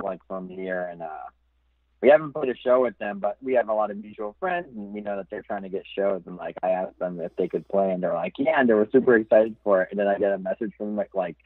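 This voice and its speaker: A man hosting a podcast, chatting casually in a relaxed way and laughing along. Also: lowish voice, fast, dry recording. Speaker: podcast host. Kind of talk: casual chat. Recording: dry, tinny phone-like sound.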